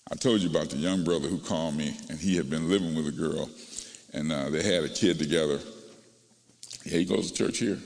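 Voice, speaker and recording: A man's voice: rumbling low, gravelly. A male pastor preaching a sermon, calling out to his congregation and breaking into song. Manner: call-and-response preaching, rising to singing and shouting. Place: church sanctuary. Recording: long reverb of a large hall.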